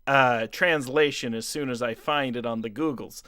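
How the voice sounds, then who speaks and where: A man running a tabletop role-playing game as game master, relaxed and playful. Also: mid-range voice, moderate pace, clear, resonant tone, dry recording.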